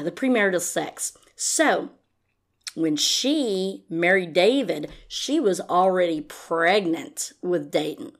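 A woman hosting a podcast, ranting in casual commentary, blunt and profane, now and then mocking someone in a high put-on voice. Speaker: podcast host.

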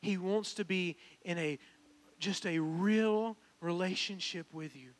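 A man's voice: high-pitched, a little slow. A young man, preaching a personal, earnest sermon that builds to emphatic calls. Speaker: pastor. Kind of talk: sermon with altar call.

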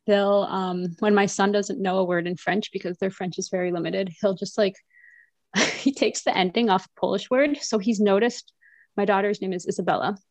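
A woman's voice: mid-range voice, fairly even intonation, moderate pace, darkish tone, no room sound. A woman in her thirties, a French teacher and mother, chatting animatedly as a podcast guest with many fillers. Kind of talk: casual conversational interview.

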